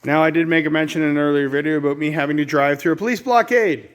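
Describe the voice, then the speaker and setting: A man's voice: on the high side, quick pace. A man from Ontario, telling a rambling, exasperated story in a casual outdoor vlog on his rural homestead. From Ontario, Canada. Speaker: vlogger.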